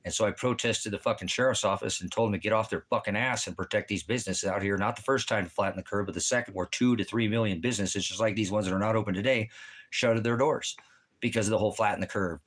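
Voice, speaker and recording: A man's voice: fairly low pitch, steady tone, quick pace, a bit bright. A man delivering a rambling, agitated monologue to camera, swearing heavily and repeating himself. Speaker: vlogger. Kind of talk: profane ranting monologue.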